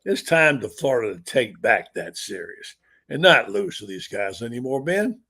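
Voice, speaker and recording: Gravelly older sports talk host. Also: male voice, medium pitch, big pitch swings, moderate pace, sharp tone. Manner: opinionated, blunt, storytelling. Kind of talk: sports talk radio chat.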